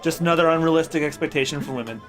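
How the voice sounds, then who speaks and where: A man's voice: fairly high pitch, very fast, fairly bright tone, faint music behind. Sarcastic man commentating a game. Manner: joking, sarcastic, swears freely. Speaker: let's play host. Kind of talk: casual gameplay commentary.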